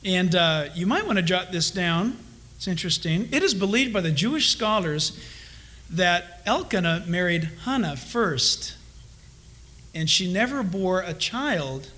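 A man preaching a Bible study sermon in an animated way, asking his listeners questions and acting out the people he quotes. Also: high-pitched, measured pace. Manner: animated, asks the congregation questions, acts out quoted voices. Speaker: pastor. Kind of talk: expository sermon.

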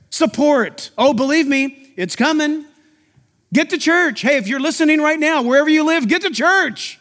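Pastor guy preaching hard, really high voice, big echoey church sound. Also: fairly bright tone. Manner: emphatic, preaching to a congregation. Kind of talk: sermon.

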